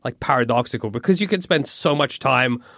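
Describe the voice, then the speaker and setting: A man's voice: mid-range voice, brisk, gravelly, dry recording, clean studio sound. A man co-hosting a podcast in casual chat, laughing often and poking fun at himself. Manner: laughs often, animated, self-mocking. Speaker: podcast co-host.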